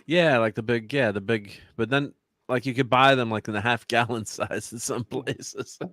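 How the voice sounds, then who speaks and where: A man's voice: mid-range voice, steady tone, normal speed, fairly bright tone, no room sound, studio quality. A man hosting a casual livestream chat, laughing often and trailing off mid-sentence. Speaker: livestream host.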